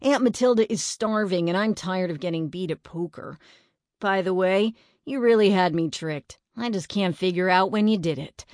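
A woman reading aloud, voicing a loud, mocking boy who teases his friends. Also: fairly low pitch, normal speed, no room sound, studio quality, natural voice. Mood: teasing. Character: bossy loud boy, teasing know-it-all.

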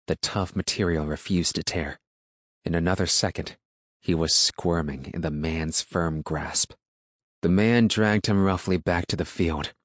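A man narrating an audiobook in a steady, measured way. His voice is very low and deep. The recording is dry, with no room sound. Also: no room sound. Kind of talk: scripted narration.

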